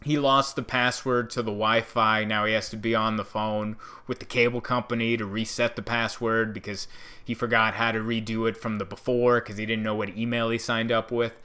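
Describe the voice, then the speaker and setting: Bright-voiced man telling a stand-up bit. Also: lowish voice, normal speed, clean tone. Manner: animated storytelling, acting out characters. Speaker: comedian.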